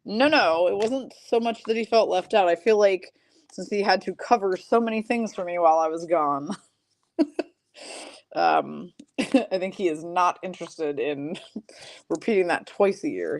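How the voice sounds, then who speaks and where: Low-voiced woman calling card break hits. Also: animated, normal speed, darkish tone, no room sound. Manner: rattles off player and team names, chatty asides to viewers. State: coughing and clearing her throat. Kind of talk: live-stream card break commentary.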